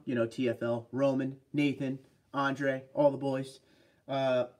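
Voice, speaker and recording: Livestream guy chatting away w his viewers, upbeat, rambly, kinda high voice. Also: a little mellow. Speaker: livestream host. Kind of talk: casual livestream chat, reading viewer comments.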